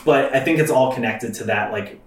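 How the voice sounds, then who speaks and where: A man's voice: mid-range voice, fairly quick, roomy sound, distant mic. A man hosting a let's play, chatting casually with rambling fillers and swearing. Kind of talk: casual gaming commentary.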